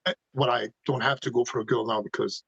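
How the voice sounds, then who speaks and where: A man's voice: medium pitch, steady tone, quick pace, vocal fry, fairly bright tone, husky, no room sound, lo-fi sound. A man speaking passionately as a podcast guest, firing off emphatic rhetorical questions. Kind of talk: animated conversational opinions.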